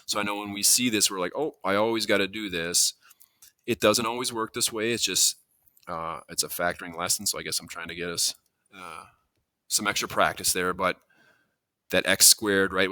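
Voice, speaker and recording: Pitched low and sharp in tone, this man's voice comes through a dry recording. He's teaching math in a classroom walkthrough, talking through each step casually, reasoning out loud and fixing his own slips along the way.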